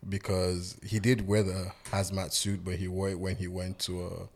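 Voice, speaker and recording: A man co-hosting a casual group podcast chat. He is relaxed and laughs often. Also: sits low, moderate pace, creaky, slight background noise. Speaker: podcast co-host.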